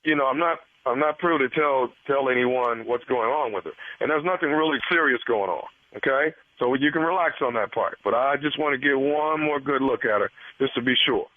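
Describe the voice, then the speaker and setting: A man voicing a smarmy male gynecologist making a prank call, talking in halting, stammering, insinuating phrases. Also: medium pitch, no room sound, lightly acted. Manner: hesitant, stammering, creepy insinuating. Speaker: radio prank caller. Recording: tinny phone line.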